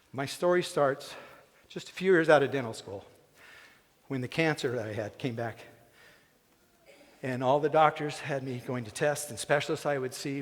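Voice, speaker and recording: A man delivering a heartfelt commencement speech, shifting between folksy jokes and quiet, earnest confession. His voice sits a little high for a man. It rings out with long reverb through a theatre hall. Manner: folksy and joking, then earnest and emotional. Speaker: commencement speaker. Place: theatre stage.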